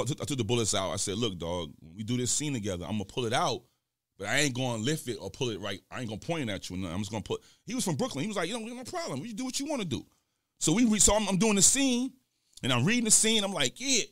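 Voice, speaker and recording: A man tells stories on his podcast and jumps into quoted lines with loud bursts. His pitch swings widely from low mumbles to high exclamations. The sound is close and dry, with no room around it. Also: racing, no echo. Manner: animated, acts out quoted dialogue in loud bursts. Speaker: podcast host. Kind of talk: casual storytelling.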